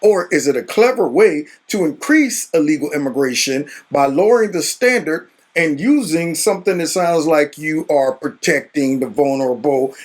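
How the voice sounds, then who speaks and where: A man hosting a reaction commentary, animated and sarcastic, talking back at the footage. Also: a little high, moderate pace, hardly any pauses. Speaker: commentary channel host. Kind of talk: reaction commentary on a hearing clip.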